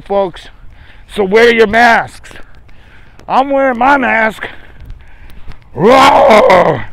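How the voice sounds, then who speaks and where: A man's voice: sits high, gravelly, fairly bright tone. A man hosting a livestream outdoors on a city sidewalk, talking in a crude, joking, profane way and sounding short of breath behind a face mask. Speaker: livestream host. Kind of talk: rambling live-stream chat.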